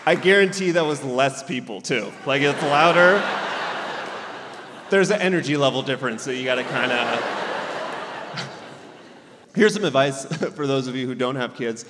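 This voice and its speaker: A man in his thirties doing stand-up in an animated way, acting out friends and his son in quick put-on voices. His voice carries a long hall reverb, and his pitch sits in a middle range for a man. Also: a loud crowd, very noisy. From Southern California. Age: 30s. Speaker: stand-up comedian and guest. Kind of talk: stand-up comedy then casual interview. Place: stage in a hall with a live audience.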